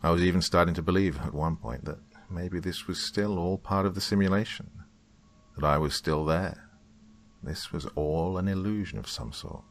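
A man narrating a horror story in a measured, somber delivery. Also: rumbling low, slight background noise.

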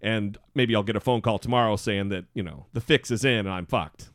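A man co-hosting a podcast in casual chat, his voice hoarse from illness, telling stories animatedly and swearing freely. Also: on the low side, fairly quick, fairly bright tone, no room sound, clean studio sound. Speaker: podcast co-host.

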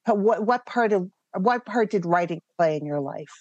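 A woman's voice: mid-range voice, expressive, moderate pace, a little mellow, no echo, highs cut off. A woman interviewer who circles around her questions with restarts and fillers. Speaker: interviewer host. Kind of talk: conversational interview.

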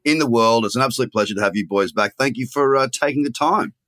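A man's voice: mid-range voice, fast talker, fairly bright tone, dry recording. A man hosting a podcast, chatting casually and joking with his guests. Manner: joking, upbeat interviewer. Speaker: podcast host.

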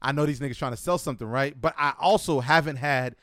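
An American man telling a story in a casual chat, animated and acting out what people said. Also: medium pitch, no echo, studio quality. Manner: animated, acts out quotes, fast with frequent "right?". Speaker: storyteller guest.

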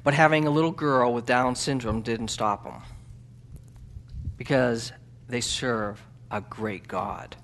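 A man, a missionary, telling a story in a church sermon, halting with ums and restarts, then building to loud fervent preaching. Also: medium pitch, steady tone, slight background noise. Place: church sanctuary.

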